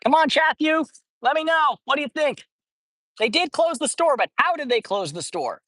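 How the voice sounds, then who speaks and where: A man's voice: very high-pitched, expressive, normal speed, sharp tone, dry recording. A young man hosting a casual livestream outdoors, playful and joking as he greets viewers. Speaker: livestream host feeding stray cats. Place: outdoors at a cat colony.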